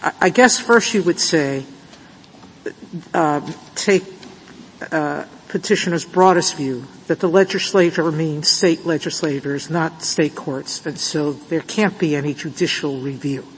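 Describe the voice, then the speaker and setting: A woman's voice: low-pitched, unhurried. Lady judge asking questions in court, lots of ums, long reverb and faint hiss. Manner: hesitant, thinking aloud with many fillers.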